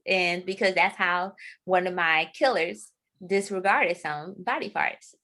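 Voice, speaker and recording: A woman author being interviewed in a casual chat, a lively storyteller who laughs often. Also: lowish voice, measured pace. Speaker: author guest.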